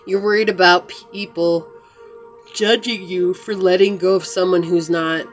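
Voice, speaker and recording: Woman, lowish voice, chatty tarot reader talking to camera, faint music underneath. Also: steady tone, a little slow, highs cut off. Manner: chatty and earnest, many "like" fillers. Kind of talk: casual tarot reading to camera.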